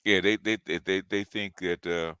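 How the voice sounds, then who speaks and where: A man hosting a casual chat, laughing often and tossing in quick quips. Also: low-pitched, fairly even intonation, bright, forceful tone, smooth, dry recording.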